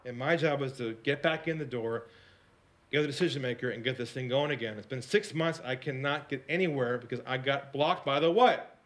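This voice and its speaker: A man giving a storytelling talk as a sales coach, dropping to a hush for quoted lines and rising high when excited, often asking the audience questions. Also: fairly quick. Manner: animated, swings between hushed quoted lines and high excited narration; repeats and restarts words, asks the audience questions.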